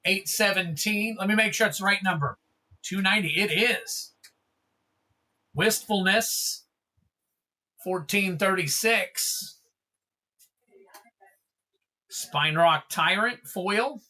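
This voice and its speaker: A man's voice: high voice, takes it slowly, pauses often, bright, forceful tone. A man hosting a trading card livestream, chatting casually and thanking viewers by name.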